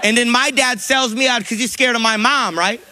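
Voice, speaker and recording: High-pitched comic guy telling a story quick and animated, noisy clip. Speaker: stand-up comedian. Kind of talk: stand-up comedy routine.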